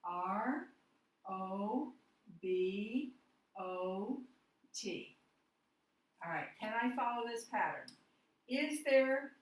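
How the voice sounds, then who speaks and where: A woman teaching a phonics lesson, walking through each step slowly and patiently. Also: mid-range voice, echoey room, rough recording. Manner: slow, patient, step-by-step explaining.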